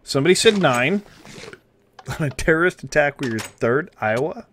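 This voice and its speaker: A man's voice: on the high side, expressive, normal speed, fairly bright tone, slight background noise. A man hosting a live stream, reacting to viewer links with sarcastic, swearing commentary that sometimes turns mock-preachy.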